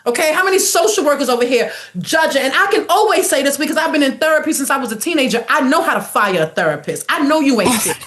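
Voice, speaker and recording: A woman's voice: sits high, animated, fast talker, few pauses, fairly bright tone. A woman in her forties from New York City, a podcast guest talking in a casual, outspoken way. She laughs often and acts out other people's voices in her stories. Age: 40s.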